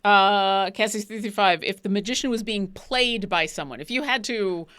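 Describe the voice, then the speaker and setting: A woman's voice: mid-range voice, normal speed, a bit bright. A woman co-hosting a casual show chat, rambling with restarts and often giggling. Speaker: podcast co-host.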